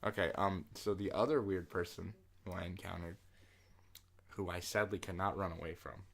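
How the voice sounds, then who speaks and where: A young man co-hosting a casual podcast, telling stories in an animated way, swearing and laughing often. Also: sits low, normal speed, vocal fry. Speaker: podcast co-host.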